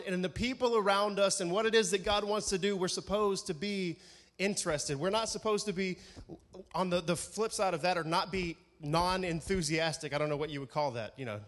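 Male pastor, fairly high voice, chatty, lively sermon style, long church reverb. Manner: conversational, energetic, asks the congregation "right?".

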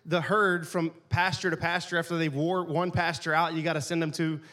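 A pastor delivers his sermon like a chat with friends, full of jokes and asides. His voice sits a little higher than most men's. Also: flat delivery, fairly quick, sharp tone. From East Texas, USA. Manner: casual, joking, conversational preaching.

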